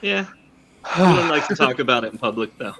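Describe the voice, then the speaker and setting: Jokey man with a bright, lively voice. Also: mid-range voice, a little fast, slight background noise, low-quality recording. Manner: jokey, deadpan asides. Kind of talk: casual chat.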